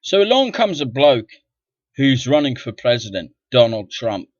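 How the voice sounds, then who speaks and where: A man's voice: medium pitch, sing-song, moderate pace, no echo. Profane ranting middle-aged man. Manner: profane, indignant, swings from muttering to loud outbursts. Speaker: vlogger. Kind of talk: ranting monologue to camera. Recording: dull lo-fi dry sound.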